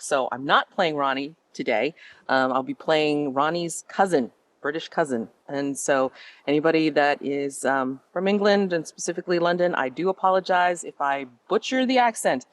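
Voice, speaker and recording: A game master opens and runs a tabletop game with casual, rambling narration. The delivery is full of hesitant ums at a middling pitch. The sound is dry and close. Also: no room sound. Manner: hesitant, many ums, chatty.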